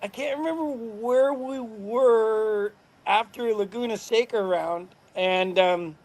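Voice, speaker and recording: A middle-aged man with a high-pitched voice tells loose, rambling stories. He swears casually and keeps breaking into laughter at his own tales. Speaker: podcast guest, former motorcycle racer. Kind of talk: casual storytelling.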